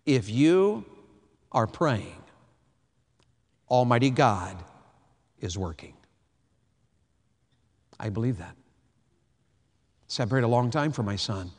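A man, preaching a sermon, swinging from hushed to loud. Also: mid-range voice, lively intonation, slow pace, pauses often. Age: 50s. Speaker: pastor. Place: large church hall. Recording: long hall reverb.

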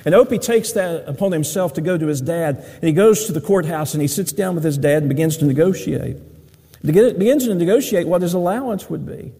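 A man's voice: on the high side, a little fast, dark tone, breathy edge, big-room sound. A man preaching a sermon, telling stories in a folksy way. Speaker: pastor.

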